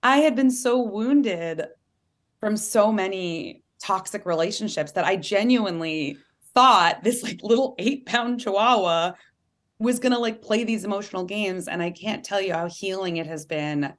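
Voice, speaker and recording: A woman author being interviewed, talking earnestly and animatedly and acting out quotes in lively voices. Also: mid-range voice, measured pace. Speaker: author and guest. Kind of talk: candid interview conversation.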